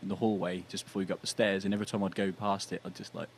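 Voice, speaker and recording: A young British man talking as a guest musician in a casual podcast chat, easygoing and quick to laugh. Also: sits low, little pitch movement, vocal fry, slightly rough. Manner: chatty, laughs easily.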